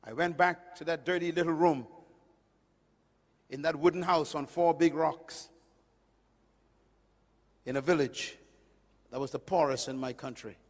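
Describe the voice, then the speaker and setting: A man preaching a sermon, emphatic and swinging between loud declarations and hushed storytelling. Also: a little high, steady tone, measured pace, long pauses, long reverb tail. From Caribbean.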